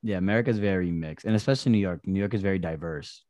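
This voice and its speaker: Deep-voiced male podcast host, casual and laughing, dry sound. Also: fast, darkish tone, no room sound. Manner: laughs often, asks questions. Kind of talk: casual chat.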